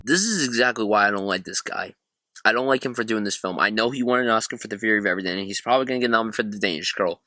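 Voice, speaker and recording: A man's voice: lowish voice, rapid-fire, pushed and bright, no room sound. A man hosting a casual movie-review vlog, talking sarcastically and animatedly, with swearing, while squeezed into a cramped storage closet. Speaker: film reviewer, channel host.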